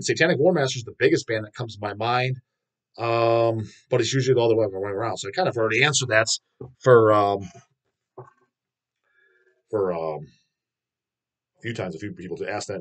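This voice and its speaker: A man's voice: fairly low pitch, brisk, pauses often. A man hosting a metal video channel, ranting in a rambling, profane and scornful way. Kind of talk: casual ranting vlog.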